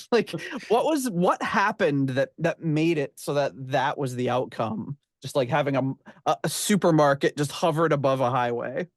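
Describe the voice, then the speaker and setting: A man's voice: fairly high pitch, expressive, normal speed, dry recording, studio quality. A middle-aged American man hosting a casual podcast chat, laughing often and trailing off mid-sentence. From United States. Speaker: podcast host.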